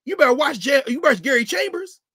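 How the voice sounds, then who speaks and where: A man's voice: very high voice, expressive, fairly quick, bright, forceful tone, dry recording. Man lecturing all fired up, lots of rhetorical questions, dry close sound, swings up and down a lot. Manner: emphatic, preacher-like rhetorical questions. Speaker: professor and regular guest commentator. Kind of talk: impassioned lecture.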